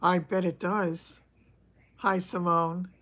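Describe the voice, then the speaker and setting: An older woman with a New York accent chatting casually on a livestream, laughing easily and often clearing her throat as she answers viewers. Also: fairly low pitch, flat delivery, slow, a bit bright. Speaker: vlogger host, former actress. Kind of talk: casual livestream chat reading viewer comments.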